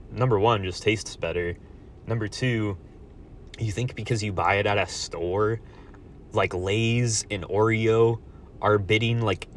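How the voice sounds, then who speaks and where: A man in a profane solo vlog rant, swinging between loud outbursts and low muttered asides. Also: slight background noise. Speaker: vlogger.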